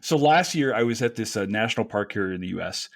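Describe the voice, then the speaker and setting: A man's voice: lowish voice, lively intonation, fast talker, gravelly. Chatty rambling podcast host, man. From Kentucky, US. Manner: rambling, chatty, laughs often. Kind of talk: casual podcast conversation.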